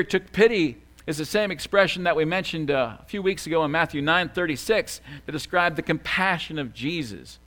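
Preacher, male, fairly high voice with a very lively pitch, animated sermon delivery. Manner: animated, swings from loud excitement to quiet asides. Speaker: pastor.

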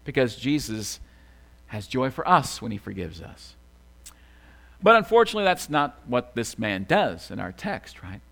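A man preaching a sermon as a pastor, animated, swinging from loud excited bursts to quiet asides. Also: mid-range voice, moderate pace, creaky.

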